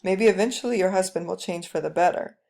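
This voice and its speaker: A woman's voice: fairly low pitch, quick pace, gravelly, warm tone. A woman reading the lines of a stern, traditional mother who gives firm advice in a lecturing way.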